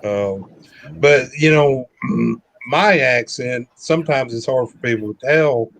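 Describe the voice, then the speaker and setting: A man's voice: mid-range voice, slow pace, a bit bright, dry recording. A man in his fifties with a mild, shifting Southern US accent, chatting in an easygoing, rambling way as a truck driver guest on a live stream. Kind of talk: casual live-stream chat.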